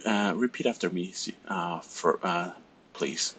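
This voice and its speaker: French teacher, male, slightly low and husky, methodical lecturing, frequent "right?" check-ins. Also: measured pace, a bit bright, rough recording. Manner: explains step by step, often checks with "right?". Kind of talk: recorded classroom lecture.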